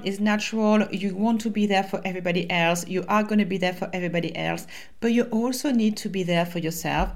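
Upbeat French-accented woman life coach. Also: mid-range voice. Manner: upbeat, encouraging, talks in lists. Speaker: life coach and podcast host. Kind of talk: solo podcast monologue.

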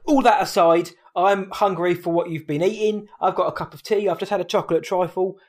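A man's voice: sits high, steady tone, brisk, darkish tone. A man from the UK co-hosting a podcast in a jokey, upbeat way. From United Kingdom. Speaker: podcast co-host. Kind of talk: casual chat.

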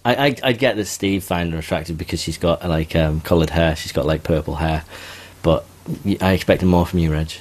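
A man's voice: low voice, a little fast, hardly any pauses, a little mellow. A man co-hosting a podcast, chatting casually, teasing and enthusiastic. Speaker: podcast co-host. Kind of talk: casual chat.

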